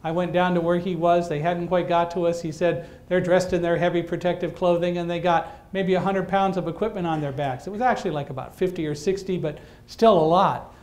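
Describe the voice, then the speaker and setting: A man giving a talk to an audience, telling a story in a lively way with dry humor and acting out the lines of people in it. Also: sits high, fairly quick, few pauses. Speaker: guest speaker.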